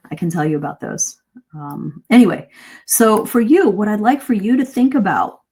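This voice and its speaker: A woman teaching English speaking in a live online lesson, lively and demonstrative, asking her listeners questions. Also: fairly low pitch.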